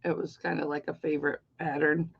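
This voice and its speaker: A woman's voice: low-pitched, little pitch movement, brisk, gravelly, slightly rough, dull audio. A middle-aged woman hosting a live-stream jewelry auction, chatting casually and rambling playfully through stories.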